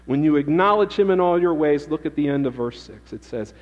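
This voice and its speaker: A pastor whose voice sits on the high side preaches at a moderate pace with few pauses, stressing his points by repeating key phrases. Captured in the church sanctuary, the sound is dull and lo-fi with a long reverb tail.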